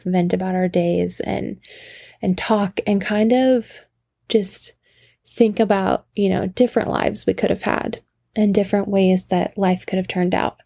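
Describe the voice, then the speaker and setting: A woman's voice: medium pitch, gravelly, mellow, no echo. A woman in her thirties, a podcast host, telling a rambling casual story and interrupting herself with asides. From Washington state.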